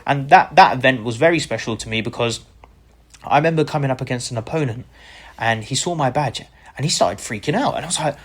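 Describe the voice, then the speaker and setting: A man's voice: mid-range voice, a little fast, breathy edge. A man from the UK, a content creator being interviewed, telling his story with eager gratitude and bringing other people's words to life as he goes. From United Kingdom. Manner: enthusiastic, grateful, acts out quoted people in lively voices.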